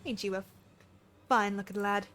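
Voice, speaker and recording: A woman's voice: mid-range voice, steady tone, moderate pace, a bit bright, lightly acted. A woman doing a swaggering cutthroat pirate. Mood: menacing. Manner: rough put-on pirate accent, drawled taunts. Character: swaggering cutthroat pirate villain, taunting and bloodthirsty.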